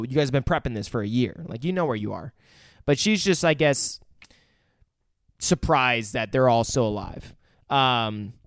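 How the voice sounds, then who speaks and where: A man co-hosting a casual podcast, recapping a movie in an animated, profane way and jumping into the characters' lines. He speaks at a middle pitch into a close microphone, and the recording is dry with no room sound. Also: no room sound. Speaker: podcast co-host. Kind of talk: casual movie review chat.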